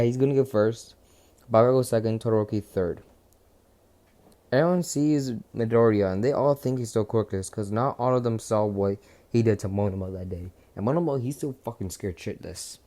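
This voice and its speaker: A man's voice: mid-range voice, moderate pace, warm tone. A young man casually retelling a fan story, rambling, profane and cutting himself off. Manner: profane, rambling, self-interrupting.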